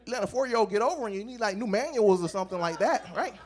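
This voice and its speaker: A man in his thirties doing a stand-up comedy set on a club stage, animated and acting out bits with big swings in pitch. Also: racing.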